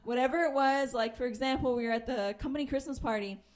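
A woman's voice: sits high, quick pace. A woman comedian in her thirties from Pennsylvania, telling a story with lots of swearing and acting out the voices of the people in it. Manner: animated, acts out quoted voices, swears freely.

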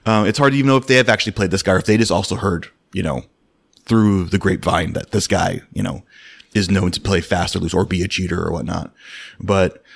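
A low-voiced man hosts a casual podcast conversation. He weighs his words and circles round his point with lots of "um"s and restarts. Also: gravelly, slightly rough. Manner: measured, circles round with many fillers. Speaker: podcast host.

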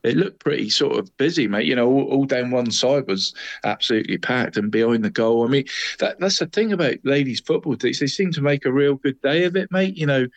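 A man's voice: medium pitch, expressive, fairly quick, no room sound. Male co-host, rambling chatty delivery, dry close recording. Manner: chatty, says "mate" constantly, rambling restarts. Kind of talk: casual football chat.

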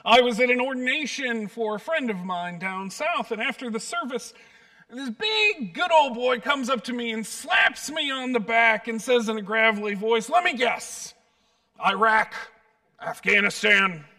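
A man, a pastor, preaching a sermon and telling stories with gentle self-deprecating humor. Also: very high-pitched, expressive, moderate pace, distant mic. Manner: warm storytelling, light self-deprecating humor.

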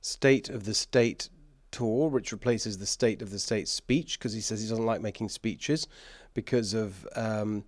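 A man's voice: fairly low pitch, steady tone, a little slow, no echo, clean studio sound. A man with an English accent hosting a political talk show, emphatic and sarcastic, with bursts of mockery and laughter.

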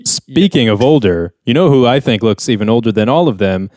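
A young man chatting on a podcast, retelling a sitcom episode in a loose, rambling way and jumping into the characters' lines. His voice sits at an ordinary mid pitch. The sound is dry and close. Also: lively intonation, fairly quick, darkish tone, no room sound. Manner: rambling storyteller, acts out characters' lines with raised voice. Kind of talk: casual chat.

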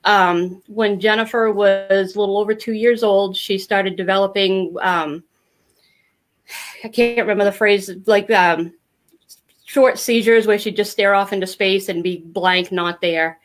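A woman's voice: medium pitch, unhurried. Middle-aged woman, interview guest. Candid, rambling storyteller who acts out quotes. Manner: candid, rambling, animated when quoting others. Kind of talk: casual storytelling.

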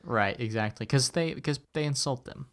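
A man with a Southern US accent co-hosting a podcast, trading quick jokey banter. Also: mid-range voice. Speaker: podcast co-host. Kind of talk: casual chat.

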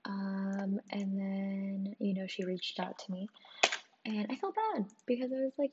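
A woman's voice: mid-range voice, measured pace. A young woman telling a story in a casual vlog, chatty and profane, full of "like" and "um". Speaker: vlogger. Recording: dull lo-fi audio with clear noise.

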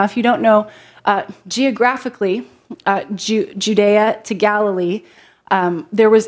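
A woman preaching a sermon to a congregation, reading scripture and talking in a conversational way that jokes with the listeners. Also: mid-range voice. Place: church before a congregation.

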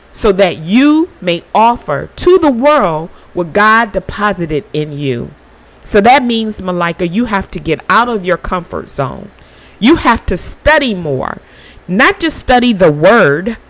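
Woman with a lively, swinging voice. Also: lowish voice. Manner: earnest, emotional, with bursts of laughter; informal, faith-filled encouragement. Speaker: podcast host. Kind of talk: spiritual reflection monologue.

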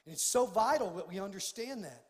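Impassioned older pastor in a reverberant church. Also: male voice, high voice, expressive, brisk. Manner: impassioned, swings from hushed to loud. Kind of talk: sermon. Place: church sanctuary.

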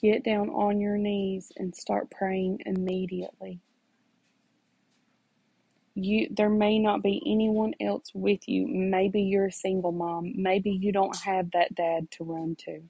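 A mother shares her own story with deep earnestness, preaching faith directly to her listeners and repeating phrases to drive them home. Her mid-range voice is gravelly, mellow and husky, moving slowly with little change in pitch. The muffled recording has no echo.

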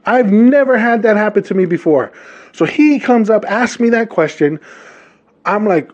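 Podcast host from Hawaii, thirties, slightly high voice, animated casual storytelling, dull lo-fi recording. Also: male voice, normal speed. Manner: animated, talks straight to listeners. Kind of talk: casual monologue.

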